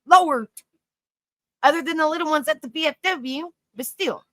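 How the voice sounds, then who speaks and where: A woman hosts a relaxed livestream with a bright, forceful voice. She laughs a lot and rambles through her sentences. The sound is close and dry, with no room echo. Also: high voice, normal speed. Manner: laughs often, rambling with frequent restarts; affectionate, calls people honey and sweetie. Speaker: live stream host. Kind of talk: casual live-stream chat, reading comments aloud.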